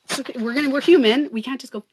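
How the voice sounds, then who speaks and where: This livestream host and beauty coach speaks high and fast, her tone a little mellow. Chatty and earnest, she leans heavily on fillers such as "like" and "you know," over a faint hiss or hum.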